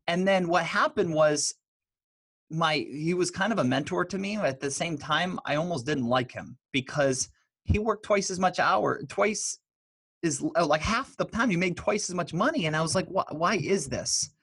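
A man, a guest in an interview, telling stories in a loose, animated way full of fillers. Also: fairly high pitch, normal speed, breathy edge, dry recording. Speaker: guest, author and speaker. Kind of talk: casual interview storytelling.

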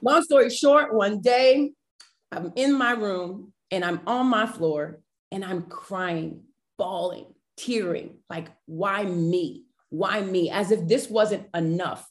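A woman guest on a podcast, telling a personal faith story in an animated, emotional way and addressing listeners directly. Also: a little high. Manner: animated, emotional, acts out quoted voices.

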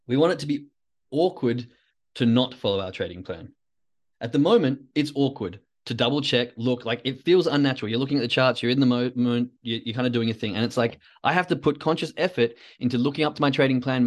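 A man's voice: medium pitch, a little fast. A man hosting a solo podcast, talking in a rambling, reflective, self-coaching way. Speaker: podcast host.

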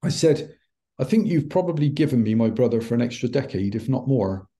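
Man, middle-aged, podcast guest, animated storyteller, warm low-key timbre. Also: a little fast. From United Kingdom. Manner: animated, acts out quoted dialogue. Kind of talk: anecdotal storytelling.

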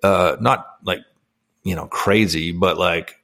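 A man's voice: sits low, slow, vocal fry, a bit bright. A man in his forties, a former athlete turned coach, telling his personal story as an interview guest, candid and emotional, with many fillers.

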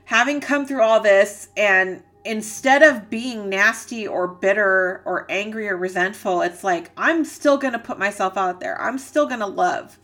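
A woman's voice: medium pitch, unhurried, few pauses, fairly bright tone. A woman giving a channeled reading, earnest and emotional, rambling and searching for words with many fillers. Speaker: psychic reader.

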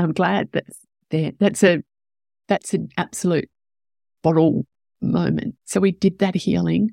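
A woman's voice: fairly low pitch, steady tone, normal speed, gravelly, dark tone, no echo, clean studio sound. A woman hosting a podcast, telling a personal story in an emotional, candid way and growing teary as she talks. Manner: emotional, tearful at moments, candid with swearing. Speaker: podcast host.

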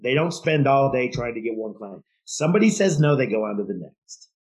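Husky, emphatic male sales podcaster. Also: medium pitch, animated, brisk, poor audio. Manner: emphatic, rambling with restarts. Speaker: podcast co-host. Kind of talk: casual sales chat.

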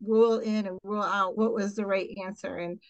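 A middle-aged woman, an occupational therapist, telling her story in a casual podcast interview, animated and full of fillers and quoted voices. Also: mid-range voice, a little fast, no room sound, muffled recording.

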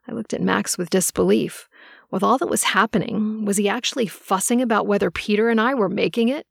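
Gravelly woman narrating an audiobook. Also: mid-range voice, fairly even intonation, a little fast, no echo, studio quality. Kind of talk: first-person audiobook narration.

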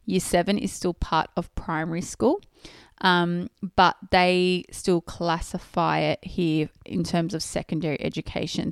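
An Australian woman hosts a podcast, laying out rules step by step in plain language. Her fairly low voice is clear and methodical, pausing to rephrase, on a dry, studio-quality recording.

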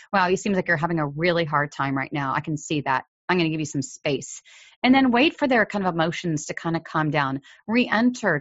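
Woman podcast host, lowish voice, earnest coaching delivery, dry dull lo-fi recording. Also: a bit bright, dry recording. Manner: earnest, coaching, acts out parent quotes. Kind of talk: advice podcast monologue.

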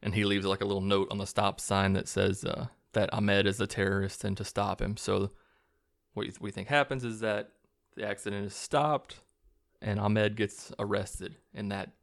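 Man, low and gravelly, rambling casual movie recap with chuckles and cussing. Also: fairly even intonation, normal speed. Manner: rambling, chuckling, profane retelling with restarts. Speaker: movie reviewer.

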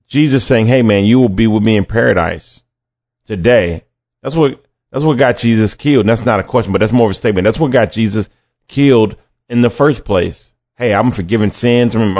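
A fairly low, somewhat dark male voice delivers a conversational podcast sermon, reading scripture and performing the voices in quoted passages. He often repeats words along the way. The recording is dry, dull and lo-fi.

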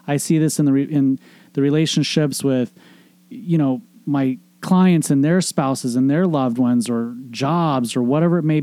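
Earnest, emphatic man with a mellow voice. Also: medium pitch, no echo. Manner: earnest, emphatic, repetitive, swears casually. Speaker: podcast host, relationship coach. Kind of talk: casual motivational monologue.

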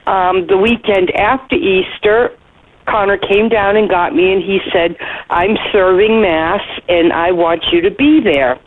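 Slow-spoken woman on a tinny phone line. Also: mid-range voice. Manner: slow, earnest storytelling with soft pauses. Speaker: listener leaving voicemail feedback. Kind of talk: heartfelt personal story.

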